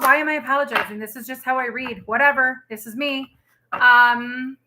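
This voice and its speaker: A woman's voice: fairly high pitch, sharp tone, a little hiss or hum. A young woman giving a live tarot reading, chatty and emotional, rambling with lots of fillers. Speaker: tarot reader.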